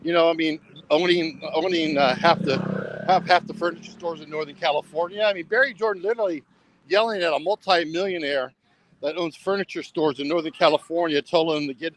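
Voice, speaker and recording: A man's voice: a little high, fairly quick, a bit bright, slight background noise, rough recording. A man rambling casually for a travel vlog while walking along a road at night, repeating himself and saying "bro" a lot. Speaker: travel vlogger.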